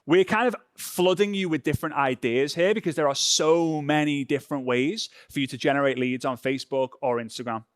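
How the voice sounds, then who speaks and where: A man's voice: on the high side, brisk, few pauses, no room sound, clean studio sound. A European man running a live online social media training session, talking casually and often checking in with "right?". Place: home.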